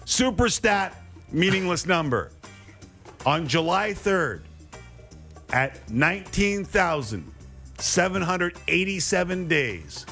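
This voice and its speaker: A man hosting a sports talk show, moderating a panel with brisk, joking quiz-style questions. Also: mid-range voice, fairly bright tone.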